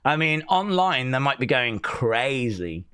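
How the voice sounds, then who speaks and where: A man's voice: medium pitch, big pitch swings, measured pace, bright, forceful tone, clean tone, no room sound, studio quality. A middle-aged man hosting a live wrestling watch-along who rants sarcastically and with exasperation while he reacts. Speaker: live stream host.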